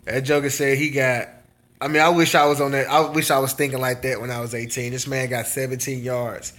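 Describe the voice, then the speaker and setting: Laughing often, a small business owner who runs a channel chats and jokes with live-stream viewers. He speaks a little fast in a mid-range, level, slightly bright voice.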